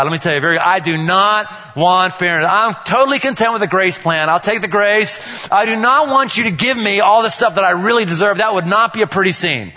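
Man, middle-aged, pastor, sermon, playful, animated, bright tone, muffled hall recording. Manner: animated, playful, acts out dialogue with big pitch jumps.

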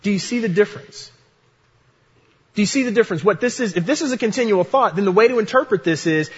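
A man's voice: high-pitched, expressive, fairly quick, breathy edge, long reverb tail, highs cut off. A man preaching a sermon in an earnest way, repeating his key phrases for emphasis. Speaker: pastor.

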